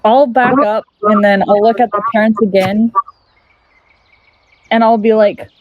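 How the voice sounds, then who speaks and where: A woman plays her character at a tabletop game, speaking slowly and gently with earnest care. Her pitch sits in a middle range. The sound is dry and close. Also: steady tone, no room sound, dull audio. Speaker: player.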